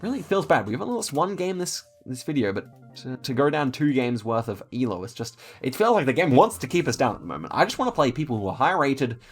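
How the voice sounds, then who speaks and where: A man talks through his own gameplay in an easy, mid-pitched voice, thinking out loud and tripping over words with frequent ums and uhs. Faint music plays quietly underneath his commentary. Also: big pitch swings, fast talker.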